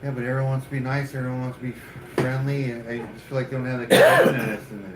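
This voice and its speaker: A man's voice: medium pitch, level tone, roomy sound, a little hiss or hum, poor audio. A man co-hosting a chat show, agreeing readily and answering briefly. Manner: agreeable, quick, brief replies. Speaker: co-host. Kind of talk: casual chat.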